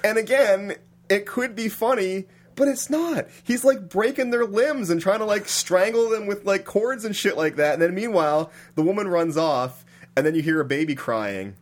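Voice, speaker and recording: Animated man retelling a film. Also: sits high, normal speed. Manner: animated storyteller, many "like"s, laughing at absurdity. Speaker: podcast co-host recapping a film. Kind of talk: casual chat.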